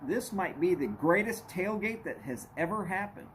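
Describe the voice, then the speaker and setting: A man's voice: high voice, animated, normal speed, fairly bright tone, slight background noise. Folksy man greeting chat viewers. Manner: greets viewers by name, folksy drawl, y'all. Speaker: livestream host.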